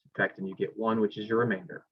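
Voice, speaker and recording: A male math instructor lectures a class, talking while he writes problems on the board, thinking aloud and correcting himself. His voice is lowish, fast, flat and slightly rough, captured in a dull lo-fi classroom recording.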